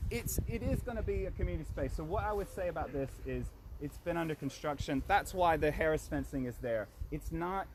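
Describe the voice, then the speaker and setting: A man's voice: on the high side, animated, a little fast, hardly any pauses. A man guiding a walk and telling a story in a casual, chatty way, with plenty of restarts. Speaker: walk guide and community organiser. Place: outdoors by a community garden. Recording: loud outdoor noise with passing traffic.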